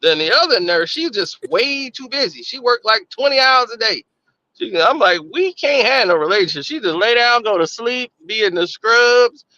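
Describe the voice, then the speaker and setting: A man with a strikingly high, bright voice tells stories in a casual chat. His pitch swings widely as he laughs and acts out dialogue. The sound is dry and a little dull. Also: moderate pace, dry recording. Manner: laughing, animated storyteller who acts out quoted dialogue. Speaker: podcast co-host.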